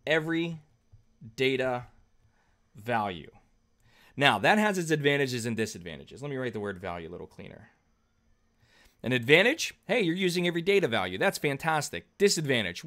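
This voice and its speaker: A man's voice: medium pitch, fairly bright tone. Casual man lecturing on math. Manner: conversational, checks in with "okay?" often, fillers. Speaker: math teacher. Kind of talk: whiteboard lecture.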